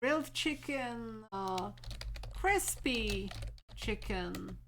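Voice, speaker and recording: Slow-talking bright-voiced woman streamer. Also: on the high side, lively intonation, slight background noise. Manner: chatty, thinking aloud with fillers. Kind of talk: casual chat with viewers.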